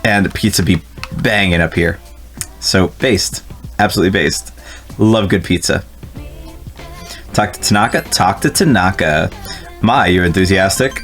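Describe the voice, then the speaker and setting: Laughing, swearing game streamer. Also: male voice, deep voice, a little slow, long pauses, a bit bright, faint music behind. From New Jersey. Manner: laughs often, swears and reads game text aloud. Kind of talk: casual let's-play commentary.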